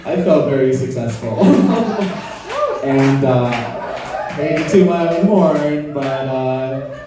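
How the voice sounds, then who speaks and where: A man performs crude, conversational stand-up at a club, poking fun at the audience, his mid-range voice lively in pitch but slow in pace. The roomy, far-off recording picks up the crowd and its laughter.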